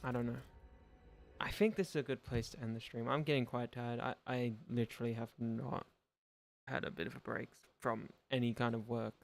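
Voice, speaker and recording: A young man signing off his gaming livestream, rambling and self-deprecating, often trailing off into quieter mumbles. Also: mid-range voice, fairly even intonation, moderate pace, gravelly. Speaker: gaming streamer. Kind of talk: casual livestream sign-off chat.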